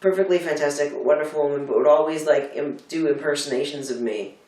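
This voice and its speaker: A man's voice: a little high, quick pace, a little mellow, distant mic. A man from Delaware County with a Philadelphia-area American accent, telling rambling, filler-heavy stories in a casual chat. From Delaware County, United States. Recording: echoey room, off-mic.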